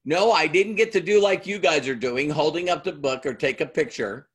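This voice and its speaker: A man's voice: a little high, normal speed, slightly rough. A middle-aged man giving a talk to an audience in a conversational way, acting out both sides of past dialogues as he tells a story. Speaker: motivational speaker.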